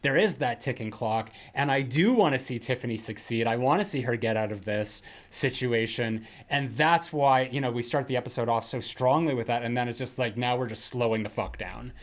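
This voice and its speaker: An American man co-hosts a podcast in casual chat, speaking a little fast in a mid-range voice with hardly any pauses. His long rambling thoughts are full of "like," fillers and restarts.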